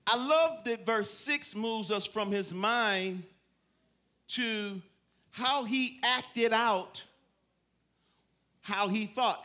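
Male pastor, high bright voice, animated sermon storyteller. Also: drawn-out words, long pauses. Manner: animated storytelling, laughing, rising to near-shouts. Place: church with a congregation.

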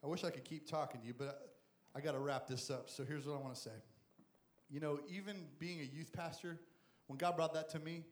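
A man preaching a lively sermon as a youth pastor, animated and jokey, acting out Bible characters as he goes. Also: on the high side, brisk, slight background noise. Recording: echoey room.

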